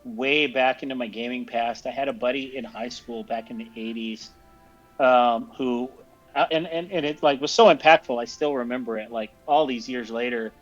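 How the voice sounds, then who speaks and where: A man's voice: medium pitch, normal speed. Rambling man in his fifties, lo-fi audio. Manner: rambling storyteller, many fillers and restarts. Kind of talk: casual chat. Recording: dull lo-fi audio with faint music.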